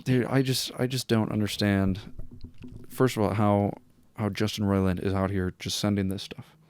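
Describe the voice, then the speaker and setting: A man's voice: lowish voice, flat delivery, normal speed, a little mellow, clean tone, no room sound. A man co-hosting a casual comedic podcast, reacting with incredulous, swearing banter. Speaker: podcast co-host.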